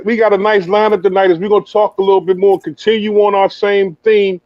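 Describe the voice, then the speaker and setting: A man hosting a podcast in a hype, slangy, joking manner, his voice sitting a little high. The sound is dull and lo-fi, and very dry. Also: dry recording. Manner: hype, slangy, playful banter. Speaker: podcast host interviewing a youth player. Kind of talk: casual podcast interview.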